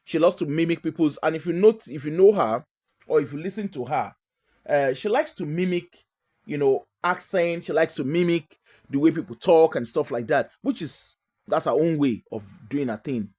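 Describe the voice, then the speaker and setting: A woman's voice: low-pitched, moderate pace, mellow, slightly rough. Chatty Nigerian woman, emphatic monologue. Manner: chatty, emphatic and digressive, with frequent fillers. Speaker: host. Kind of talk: casual monologue.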